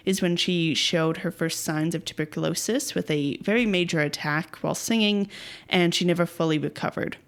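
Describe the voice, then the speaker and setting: A woman co-hosting a podcast in casual chat, playful and teasing, laughing often. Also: lowish voice. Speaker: podcast co-host.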